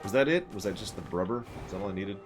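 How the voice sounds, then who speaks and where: A man's voice: deep voice, expressive, fast talker. A man casually commenting on his game for his stream viewers, rambling and sarcastic, and sometimes laughing. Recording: music playing behind.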